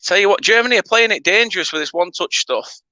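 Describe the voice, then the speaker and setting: A high-pitched, animated man with a northern English accent hosts a football watchalong for his fan channel, chatting and laughing with viewers between play-by-play remarks. He speaks at a quick pace in a sharp tone; the recording has no echo but sounds muffled.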